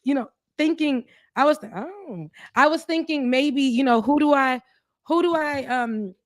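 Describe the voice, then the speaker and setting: A woman's voice: high voice, unhurried, dry recording, clean studio sound. A woman co-host telling stories in casual chat, with laughs and quoted voices. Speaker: show co-host.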